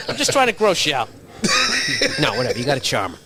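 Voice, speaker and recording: A man's voice: medium pitch, huge pitch swings, moderate pace, long pauses, pushed and bright. A man doing a crude, swaggering comedic rant as a solo podcast host, swearing freely and laughing at his own jokes.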